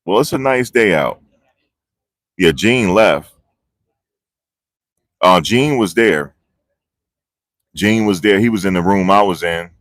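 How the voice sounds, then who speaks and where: A man vlogging live outdoors, talking in a rambling, excitable way and losing his train of thought. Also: low-pitched, slow pace, pauses often, no echo, studio quality. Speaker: vlogger reporting on a trial. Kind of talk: live casual street commentary. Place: outdoors outside a courthouse. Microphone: phone on a handheld gimbal.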